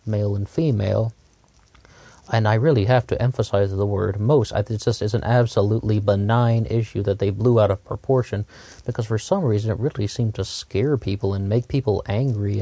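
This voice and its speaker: Low, mellow-voiced man rambling opinions. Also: no echo. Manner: rambling, hesitant, repeats himself. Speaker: commentator. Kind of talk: opinion monologue.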